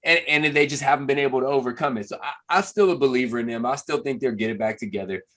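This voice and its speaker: A man's voice: mid-range voice, quick pace, fairly bright tone. Confident man breaking down football. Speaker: former pro football player, podcast co-host. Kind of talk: casual sports analysis chat.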